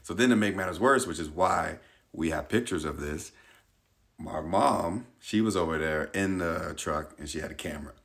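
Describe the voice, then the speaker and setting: A man's voice: sits low, normal speed, creaky, a bit bright. An American man telling a funny, self-mocking story about his own mishap in a casual vlog. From United States. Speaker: vlogger.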